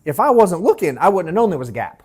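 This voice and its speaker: This is a man teaching a live sales workshop in a loose, joking way. He acts out his own thoughts mid-story, swears freely and calls people bro and dude. His pitch rises and falls a lot as he talks. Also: big pitch swings, fast talker, a little mellow, husky. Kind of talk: casual, joking workshop talk. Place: workshop room with an audience.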